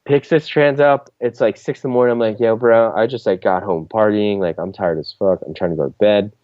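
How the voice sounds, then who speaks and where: A man's voice: fairly low pitch, steady tone, brisk, no room sound, muffled recording. A man from Philadelphia, a podcast guest, talking in a laid-back, slangy way, full of "yo" and "dude". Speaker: guest, former drift driver. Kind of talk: casual chat.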